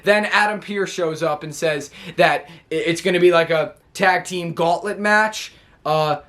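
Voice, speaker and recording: High-voiced man rambling through a recap. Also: a little slow, fairly bright tone. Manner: rambling, talking his way through events. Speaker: wrestling show reviewer. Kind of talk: casual recap vlog.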